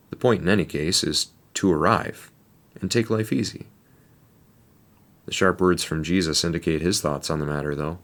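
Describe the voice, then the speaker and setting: A man with a deep, low voice gives a devotional reflection. He speaks in a measured, deliberate way and often poses rhetorical questions to his listeners.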